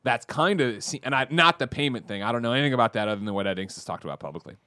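A man's voice: mid-range voice, racing, smooth, dry recording. Chatty man co-hosting, dry sound. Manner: animated, rambling, self-correcting. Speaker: podcast co-host. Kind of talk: casual chat.

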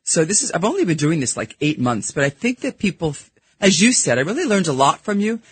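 A middle-aged woman with a Brooklyn accent, a guest in a radio studio, talking candidly and emphatically in quick bursts. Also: on the low side, big pitch swings, slightly rough. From New York. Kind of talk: casual studio interview.

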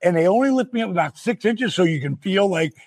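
A man with a husky, rather high voice tells a story on a podcast. He is animated and playful, acting out the other people in the story and breaking into laughter as he goes. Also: fast. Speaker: podcast host. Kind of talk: casual storytelling chat.

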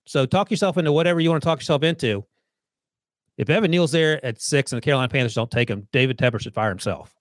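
A man's voice: mid-range voice, fast talker, no echo, clean studio sound. A man who analyzes the football draft, talking confidently and opinionated in a casual podcast chat. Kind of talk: casual sports talk.

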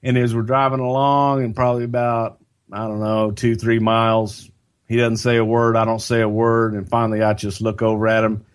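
A man's voice: lowish voice, fairly quick, clear, resonant tone. Older man spinning a road story. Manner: animated storyteller, slips into other people's voices for quotes. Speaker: podcast co-host and storyteller. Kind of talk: casual storytelling chat.

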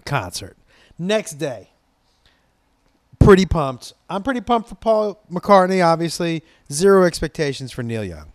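A man from Los Angeles spins a loose, excitable story in casual talk, cursing freely and tripping over his own restarts. His voice sits a little on the high side. The sound is dry and close, with no room around it. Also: unhurried, no echo. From Los Angeles, USA. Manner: rambling, profane, excitable.

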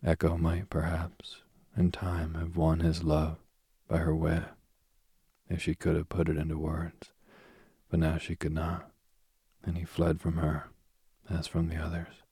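A man reading a myth aloud as a soothing bedtime story, slowly and softly, drifting into whispers. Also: extremely low pitch, completely flat delivery, husky, dry recording, studio quality. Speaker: sleep story reader.

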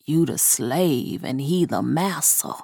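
A woman voicing a hoarse, angry old possessed doll in a spoken horror story. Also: very deep voice, lively intonation, slow pace, dark tone, no room sound, clean studio sound, voice pushed down, exaggerated voice. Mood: hostile. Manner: muttering, hostile.

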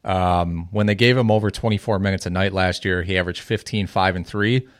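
A man analysing fantasy basketball picks in a casual podcast chat, measured and hesitant with many fillers. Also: deep voice, steady tone, no echo, studio quality.

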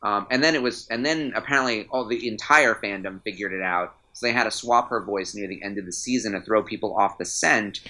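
A man chatting casually as a podcast guest, an animated, rambling fan who restarts his sentences. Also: fairly low pitch, brisk, few pauses, poor audio. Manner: animated, rambling, self-interrupting storyteller; enthusiastic fanboy. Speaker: trading card company guest.

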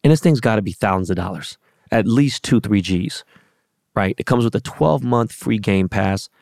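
A man with a low, gravelly voice talks in a loose, rambling monologue, blunt and heavy on swearing. The sound is dry and close, with no room around it. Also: animated, normal speed, darkish tone, dry recording. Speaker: social media personality. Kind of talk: casual monologue storytelling.

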